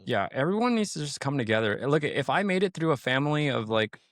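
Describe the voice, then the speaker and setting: A man's voice: a little high, sing-song, fast talker, no room sound, studio quality. A man, a sheriff's deputy, talking in a casual podcast chat, rambling with lots of "like" and "you know" and swearing freely.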